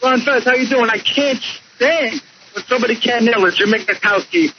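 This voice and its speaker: Rambling guy caller, super high voice, hissy lo-fi radio. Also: moderate pace. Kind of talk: casual phone-in chat. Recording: lo-fi radio broadcast with hiss.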